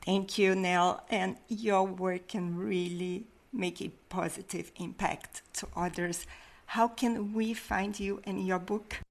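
A woman hosting a podcast, speaking in a measured, deliberate way. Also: mid-range voice, fairly even intonation, vocal fry. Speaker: podcast host. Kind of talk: scripted podcast outro.

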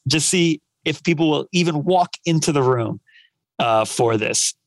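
A man's voice: fairly high pitch, a little slow, no echo, low-quality recording. A man co-hosting a casual podcast chat, telling stories with energy and breaking into laughter along the way. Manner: animated storyteller, laughs mid-story. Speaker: podcast co-host.

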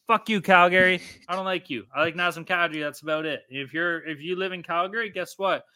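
A tipsy man hosting a casual podcast, swearing freely and laughing between lines. His voice sits high for a man and rings very bright and forceful. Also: fast. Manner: crude, profane, laughing. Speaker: podcast host. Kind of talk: casual chat.

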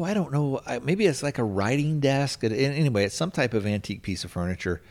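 Podcast host, male, lowish voice, casual rambling plot recap full of fillers. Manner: rambling, hedging with frequent filler words. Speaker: podcast host reviewing a film.

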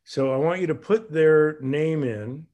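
Guy running a group exercise on a video call, fairly high voice, gets animated and does little voices. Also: a little slow, highs cut off. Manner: animated, acts out voices with big pitch jumps. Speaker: group leader.

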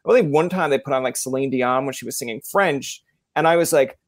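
A Newfoundland man hosts a relaxed interview, talking in long, looping, chatty stories. His voice sits at a middle pitch for a man and is recorded close and dry, with no room around it. He often drops into playful quoted voices mid-story. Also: quick pace, no echo. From Newfoundland, Canada. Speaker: podcast host. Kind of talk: casual interview chat.

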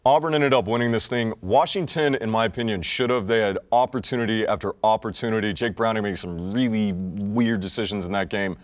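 A man's voice: lowish voice, brisk, few pauses, no room sound. A young man co-hosting a podcast, chatting casually and sarcastically about sports. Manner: wisecracking, sarcastic. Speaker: podcast co-host.

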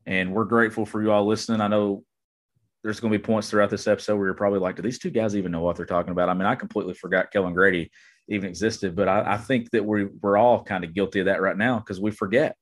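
A man's voice: fairly low pitch, steady tone, quick pace. A man co-hosting a sports podcast, chatting casually and enthusiastically from a remote spot. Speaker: podcast co-host. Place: remote, on vacation.

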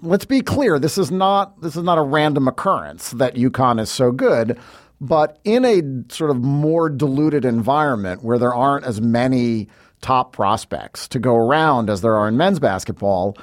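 A man co-hosts a podcast and challenges the guest's view in an argumentative tone. His pitch moves lively up and down, and the sound is close and dry. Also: moderate pace, dry recording. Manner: argumentative, pushes back on the guest. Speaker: podcast co-host. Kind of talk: casual podcast debate.

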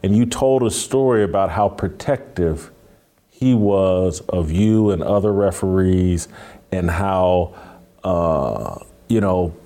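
A man hosts a casual interview and sets up his questions at length. His voice sits very low. It has a dark, mellow tone. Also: takes it slowly. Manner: long rambling setup questions. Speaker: podcast host.

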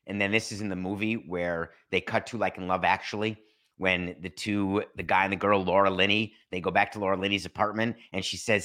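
Middle-aged guy doing a solo sports podcast, bright punchy voice, animated, acts out little dialogues. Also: on the low side, brisk. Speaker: podcast host. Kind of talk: solo sports talk monologue.

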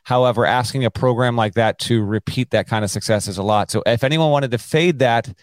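Animated man telling a story on a podcast. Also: medium pitch, brisk, no echo. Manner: animated storytelling, acts out quotes. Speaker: podcast co-host. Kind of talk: casual sports podcast chat.

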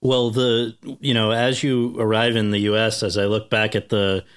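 A man conducting an interview and asking measured questions that lead his guest back through past events. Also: on the low side, level tone, clear, resonant tone.

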